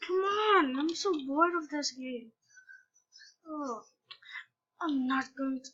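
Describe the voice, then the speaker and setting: High bright woman gamer, lo-fi. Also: slow pace, pauses often. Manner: frustrated, exclaiming, complaining. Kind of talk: casual gameplay commentary.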